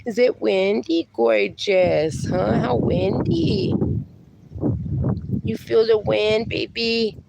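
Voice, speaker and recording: Slow, gravelly woman chatting on a livestream. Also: a little high, very noisy. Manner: chatty, talks to her dogs and reads viewer comments aloud. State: voice going hoarse. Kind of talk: casual livestream chat.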